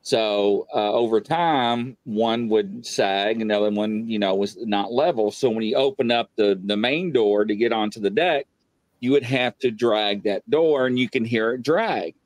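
A man's voice: fairly low pitch, measured pace, no room sound. A middle-aged man, casually telling a ghost story and acting out the voices. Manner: animated, acts out quotes loudly. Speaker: guest telling paranormal experiences.

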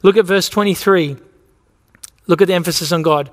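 A man's voice: high-pitched, a little fast. A male pastor from Australia preaching a sermon in a church, earnest and full of repeated rhetorical questions. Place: church sanctuary. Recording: long reverb of a church hall.

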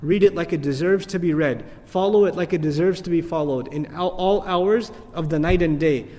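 A man giving an animated lecture on the Quran, swinging between emphatic peaks and soft asides and chanting Arabic verses in quick bursts. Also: on the high side, in a large hall. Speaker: Islamic lecturer.

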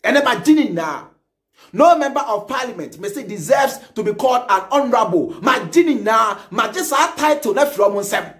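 A Ghanaian man hosting a reaction show, giving satirical, ranting commentary in a theatrical, animated way and repeating phrases in a sing-song manner. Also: very high-pitched, moderate pace. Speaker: reaction channel host.

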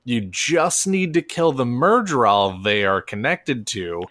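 A man's voice: medium pitch, lively intonation, measured pace, a bit bright, no room sound, studio quality. Brief: man on a chatty podcast, wry, voice swooping up and down a lot. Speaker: podcast co-host. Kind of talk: casual chat.

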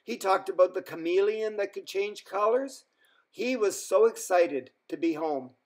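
A man reading a children's story aloud as a storyteller, in an expressive way. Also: sits high. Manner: slow, expressive.

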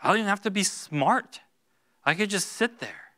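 A male pastor preaching a sermon in a church, going from hushed, slow lines to loud, high-pitched bursts. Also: very animated. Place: church sanctuary.

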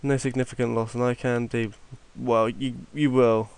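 Young man, gravelly voice, stuffy with a cold, offhand rambling tutorial talk, mutters to himself. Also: mid-range voice, level tone, moderate pace, a little mellow. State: has a cold. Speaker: tutorial maker. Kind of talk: casual screen-recorded tutorial.

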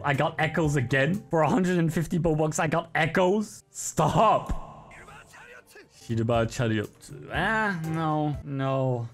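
A young man doing live gameplay commentary as a streamer, swinging between loud, swearing outbursts and low, sulky grumbling. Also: drawn-out words, creaky. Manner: swears freely. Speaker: gaming streamer.

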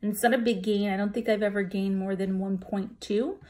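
A woman vlogger recounts her week to the camera in a casual, chatty way. She talks with plenty of ums and restarts, and her telling is openly emotional. Her voice sits at an ordinary middle pitch. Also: steady tone, fairly quick, warm tone. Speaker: vlogger sharing a weight-loss weigh-in.

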